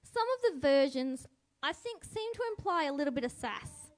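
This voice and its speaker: A woman's voice: high-pitched, normal speed. A woman giving a reflective spoken devotional, musing and asking the listener questions. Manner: musing, asks listeners questions, lively voice for quotes. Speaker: devotional speaker.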